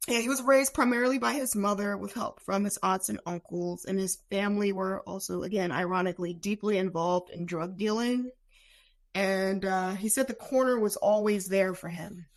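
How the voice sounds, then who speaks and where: A woman's voice: medium pitch, no echo. A woman co-hosting a podcast, chatting casually and acting out what people said. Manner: wry, acts out quoted people. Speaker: podcast co-host. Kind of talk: casual chat, reading out a biography.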